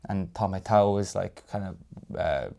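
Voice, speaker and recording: An Irish man with a low, gravelly and mellow voice walks a listener through phrases. He explains slowly, stopping and restarting as he goes. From Ireland. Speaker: Irish language teacher. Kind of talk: casual language lesson.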